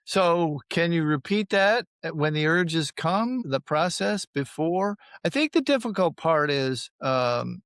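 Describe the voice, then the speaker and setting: A man acting as a recovery counselor, talking through ideas in a measured, reassuring way. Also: fairly high pitch, big pitch swings, fairly bright tone, clear, resonant tone, no echo, studio quality. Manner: measured, reassuring, thinking aloud. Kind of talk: conversational coaching.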